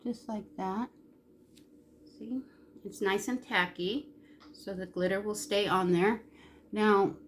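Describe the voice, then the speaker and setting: A woman with a mid-range voice, recorded with a little hiss or hum, talks candidly as she does her makeup. She's a beauty vlogger in a casual tutorial chat, emotional and at times close to tears, speaking in a chatty way with a Southern-style "y'all."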